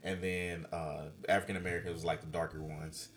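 Deep-voiced man, halting chat. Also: little pitch movement, slight background noise. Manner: halting, many fillers and repeats. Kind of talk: casual chat.

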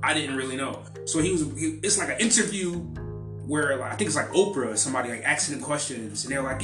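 A man chatting casually as a podcast co-host, telling animated stories and acting out quotes. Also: fast talker, roomy sound, faint music behind. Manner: animated storyteller, acts out quotes in higher voices. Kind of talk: casual chat.

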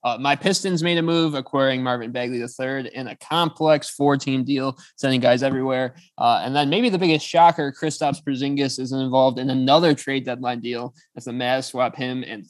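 A man with a mid-range voice leads a sports podcast segment in an organized, brisk way. The sound is dry and close, with no room around it. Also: mid-range voice, steady tone, no room sound. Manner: brisk, organized, hands off to co-host. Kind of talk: segment-leading sports talk.

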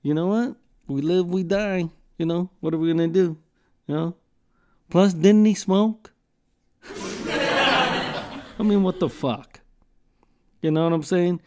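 Dude ranting and swearing on his podcast, kinda high-pitched, loose and jokey. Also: moderate pace, mellow, clean tone. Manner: profane, rambling, joking storyteller. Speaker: podcast host. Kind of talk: casual rambling monologue.

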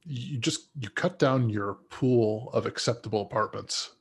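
Gravelly, husky young man chatting. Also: medium pitch, a little slow. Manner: easygoing, rambling, many fillers. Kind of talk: casual chat.

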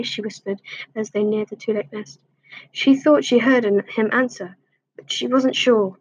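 A woman reads a fan-written animal story aloud, in a breathy voice that sits a bit high. Her reading is plain and she stumbles and restarts now and then. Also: steady tone, normal speed, dry recording, lo-fi sound. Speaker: story reader.

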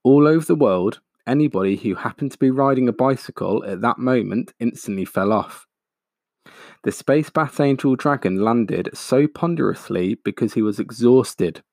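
A man reading a children's storybook aloud, slow, expressive and dramatic. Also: medium pitch, creaky, dry recording, clean studio sound. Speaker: audiobook narrator.

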